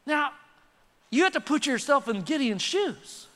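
A man preaching a lively sermon with quick asides, leading the congregation in call and response. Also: very high voice. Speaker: pastor. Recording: reverberant church hall.

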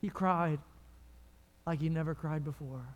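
A man preaching a sermon in a church, telling the story dramatically and dropping from loud to hushed. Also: on the high side, measured pace. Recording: long reverb of a large hall.

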